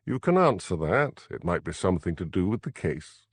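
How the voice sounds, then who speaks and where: A man voicing a self-important middle-aged police superintendent, smooth and dismissive. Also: low voice, very animated, brisk, no echo, heavily acted. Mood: genial.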